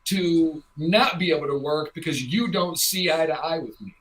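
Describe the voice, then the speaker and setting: On a rough recording, a transgender woman who hosts a talk show speaks at a moderate pace in a low-pitched voice. She's blunt, fired up and animated in casual chat, pressing her points with rhetorical questions.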